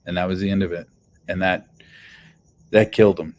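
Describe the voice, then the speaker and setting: With a low, darkish voice that barely moves in pitch, a man at normal speed rambles through a story on a casual livestream using his phone. The telling is heated and full of swearing, with frequent restarts.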